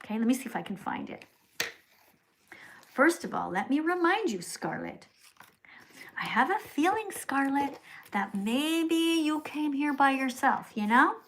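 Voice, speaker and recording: Middle-aged woman streamer, slightly high pitch; preachy, scolding, keeps repeating the viewer's name, hushed then loud. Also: very animated, a little slow, pauses often, slight background noise. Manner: swings between hushed whispers and loud outbursts. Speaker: livestream host. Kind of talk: livestream reading paid chat messages.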